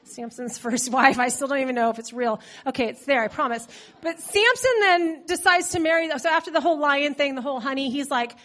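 A woman's voice: sits high, normal speed, a bit bright. A woman preacher with a cold, delivering a chatty, humorous sermon and retelling a story with playful asides. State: has a cold. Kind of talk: conversational sermon.

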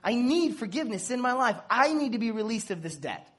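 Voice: medium pitch, fairly quick. A parent giving a casual sermon, acting out quoted dialogue and joking while teaching. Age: adult with children. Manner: animated, acts out quoted dialogue; jokes and laughs while teaching.

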